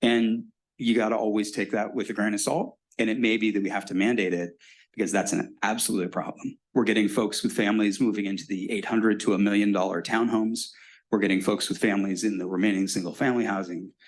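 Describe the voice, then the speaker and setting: Middle-aged male mayor, low-ish voice, frank and explanatory in a town-hall Q&A. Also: steady tone, a little fast. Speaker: mayor answering residents' questions. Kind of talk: public meeting Q&A. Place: city hall meeting room.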